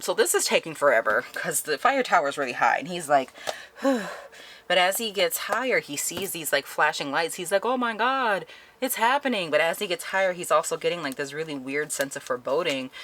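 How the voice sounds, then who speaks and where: A woman's voice: low voice, fairly bright tone. A young woman chatting animatedly through a book review, laughing often as she retells the plot. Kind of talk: casual spoken book review.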